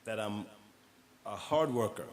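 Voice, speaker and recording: A man from New York talking as an interview guest, relaxed and storytelling, often laughing. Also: lowish voice, a little slow, slight background noise. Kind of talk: casual interview conversation.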